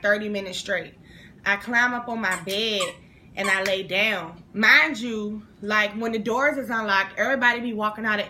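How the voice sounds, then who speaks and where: A young woman vlogger telling a story to camera in a casual, animated way, acting out the voices and swearing freely. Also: on the high side, slight background noise. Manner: animated, acts out every voice in her story. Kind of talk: storytime monologue.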